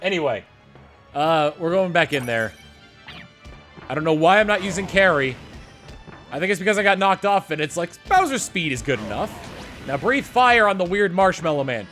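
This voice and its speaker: A man's voice: high voice, sing-song, normal speed, pauses often, a bit bright, soft background music. A man playing a video game and commenting playfully, with silly asides and rambling thoughts. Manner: playful, silly, bursts into made-up songs. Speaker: let's-play host. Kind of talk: gaming commentary.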